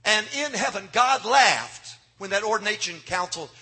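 Male revival preacher, husky and bright, hushed-to-shouting delivery. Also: high voice, animated, moderate pace. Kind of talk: revival sermon. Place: church sanctuary.

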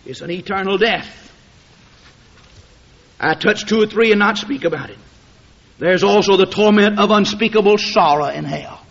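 A fiery preacher man with a high, bright voice swings from hushed, low passages to drawn-out shouts. The recording sounds dull and lo-fi, like an old tape of a church service. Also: creaky. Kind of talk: fiery sermon.

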